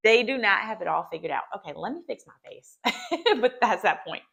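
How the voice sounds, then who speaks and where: A woman's voice: medium pitch, big pitch swings, brisk, vocal fry, fairly bright tone. A woman speaking as a therapist and mother, giving earnest, reassuring advice to camera and often checking in with "okay?". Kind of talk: heartfelt talk to camera.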